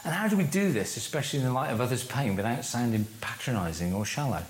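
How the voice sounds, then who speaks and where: A man leading a church course, giving a teaching talk to a group and slowing down to stress key phrases. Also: medium pitch, lively intonation, slight background noise. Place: room with a live audience. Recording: echoey room.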